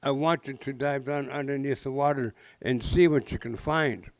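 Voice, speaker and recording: A man voicing the great spirit who sends his animal sons to dive, speaking calmly and plainly. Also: mid-range voice, normal speed, no echo, natural voice. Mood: commanding.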